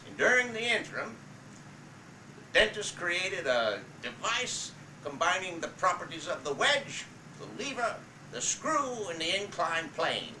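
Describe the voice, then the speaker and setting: A man voicing a folksy old nineteenth-century humorist who tells tall tales with a dry drawl and thoughtful pauses. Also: sits high, big pitch swings, bright, forceful tone, slight background noise, heavily acted. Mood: wry. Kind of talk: tall-tale performance. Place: family home. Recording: roomy, distant home video.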